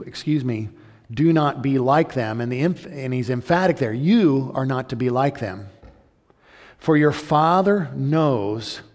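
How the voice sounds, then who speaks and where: A man's voice: a little high, a little mellow. Earnest preaching man in a reverberant hall. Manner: earnest, conversational preaching with frequent restarts. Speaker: pastor. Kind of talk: sermon.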